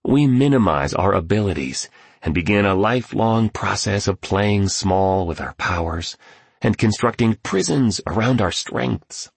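A man's voice: on the low side, expressive, unhurried, creaky, breathy edge, no room sound, full character voice. A man voicing an earnest female entrepreneur who makes her points in an emphatic way.

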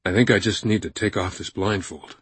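A man's voice: low-pitched, steady tone, brisk, slightly rough, no echo. A man voicing an anxious male professor who asks tense, pressing questions in an audiobook. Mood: uneasy.

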